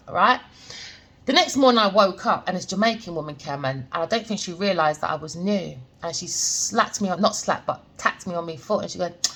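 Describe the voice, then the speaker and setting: A woman's voice: lowish voice, fairly quick, fairly bright tone. A woman giving a spoken tarot reading, blunt and slangy, repeating her points to lecture the viewer. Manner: emphatic, repetitive, lecturing the viewer. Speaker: tarot reader.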